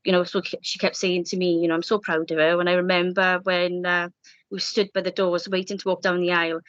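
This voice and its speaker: A low, flat-toned woman in her thirties from Wales talks gently in an interview, full of fillers and feeling. Her voice is dry and close, with a dull, lo-fi sound. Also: no room sound. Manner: soft-spoken, many fillers, emotional. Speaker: bereaved interviewee. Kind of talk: personal interview, recalling a loss.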